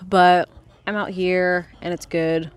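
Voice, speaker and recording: A young woman vlogging casually by her chicken coop, rambling and swearing as she hushes her hens. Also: on the low side, flat delivery, takes it slowly, clean tone. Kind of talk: casual chat while reading aloud. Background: faint chicken clucking.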